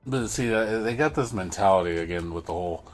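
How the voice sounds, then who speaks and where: A man's voice: lowish voice, brisk, soft background music. A man livestreaming, ranting in frustration in casual commentary, often repeating and restarting his words.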